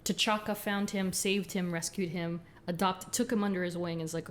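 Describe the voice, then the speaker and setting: A woman co-hosting a podcast in casual chat, chatty and quick to laugh as she runs through details. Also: on the low side, steady tone, a little hiss or hum. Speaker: podcast co-host.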